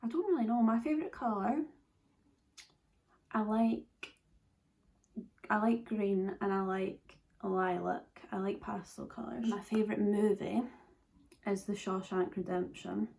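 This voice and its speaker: A woman's voice: medium pitch, a little slow, vocal fry, pauses often, a little mellow. A nineteen-year-old Scottish woman chatting casually through a makeup tutorial, full of fillers and dropping into whispers at times. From Scotland. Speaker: beauty vlogger.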